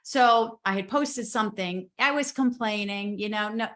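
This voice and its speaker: A woman guest speaker telling a story in a casual live video chat, animated and emphatic, with quick asides. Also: mid-range voice.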